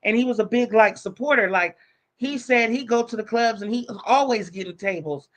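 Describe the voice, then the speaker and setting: A woman's voice: on the high side, normal speed. A woman live streamer telling a story in casual, profane talk, acting out the voices of the people she quotes.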